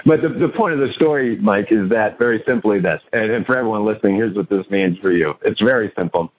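A man's voice: fairly low pitch, quick pace, muffled recording. A man telling a story on an interview show and acting out his own lines, a coach and author as guest.

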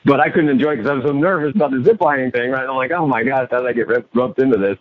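A man's voice: mid-range voice, rapid-fire, phone-quality sound. A man telling a story on an interview show and acting out his own lines, a coach and author as guest.

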